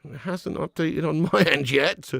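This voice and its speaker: A man's voice: fairly high pitch, measured pace, vocal fry, fairly bright tone, dry recording, clean studio sound. A man hosting a live football watch-along, chatting and bantering with viewers. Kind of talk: live casual match commentary and chat.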